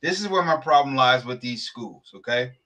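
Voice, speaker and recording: A man, co-hosting a sports podcast, ranting about college football schedules in a heated, profane, animated way. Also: mid-range voice, normal speed. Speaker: podcast co-host. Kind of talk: casual sports debate.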